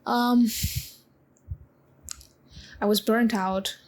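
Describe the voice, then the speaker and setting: A woman in her twenties talking in a confessional vlog, halting with many pauses and close to tears. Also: on the high side, fairly even intonation, a little mellow, a little hiss or hum, rough recording. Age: 20s. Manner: halting, full of pauses and restarts. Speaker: vlogger.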